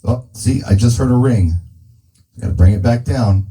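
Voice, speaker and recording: A man's voice: mid-range voice, normal speed, dark tone, rough recording. A man testing a microphone through a speaker indoors, thinking aloud casually as he adjusts the settings. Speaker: mobile DJ testing gear. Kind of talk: casual demo talk. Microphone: handheld dynamic mic through a PA speaker.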